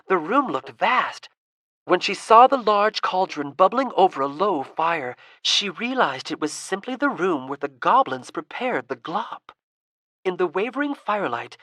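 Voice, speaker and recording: A woman narrating an audiobook in a steady, expressive reading style. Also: fairly low pitch, measured pace, no room sound. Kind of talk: scripted narration.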